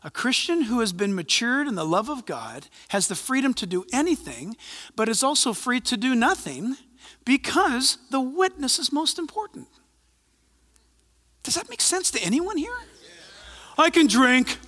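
A man preaching in a church, his bright voice swinging up and down as he talks. He keeps it conversational and animated, with joking asides. The sound rings with a long hall reverb. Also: very high-pitched, normal speed. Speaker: pastor. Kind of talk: sermon.

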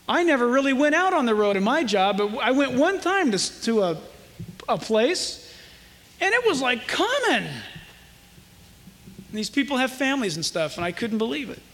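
A man preaching a sermon as pastor, with impassioned delivery and emphatic, drawn-out quotations. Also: very high voice, big pitch swings, fairly bright tone, long reverb tail.

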